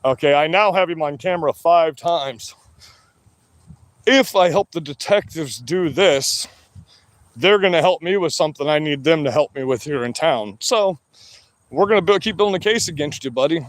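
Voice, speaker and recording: A man's voice: on the high side, no echo. A man hosting a livestream, taunting and cursing at viewers in a combative rant. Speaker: livestream host. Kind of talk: ranting livestream talk to viewers.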